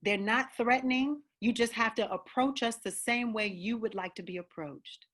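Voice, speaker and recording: A woman's voice: mid-range voice, normal speed, a bit bright. Earnest woman with a country twang. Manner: earnest, emphatic, direct. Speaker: opera singer and panel guest. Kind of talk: heartfelt personal statement.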